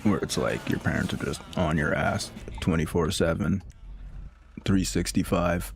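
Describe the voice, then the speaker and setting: Laid-back male streamer, deep creaky voice, rambling, filler-heavy storytelling. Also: measured pace, faint music behind. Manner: rambling, heavy use of filler words, laughs often. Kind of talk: casual storytelling chat.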